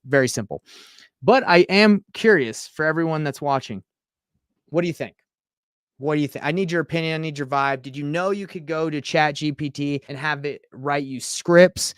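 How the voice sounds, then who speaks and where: This clip features a man in his thirties from Utah, a real estate coach running a live-streamed screen-share tutorial. His voice is fairly high, a bit bright and smooth, recorded with studio quality and no room sound. He teaches in a casual, chatty way, reading text messages aloud and reacting to them.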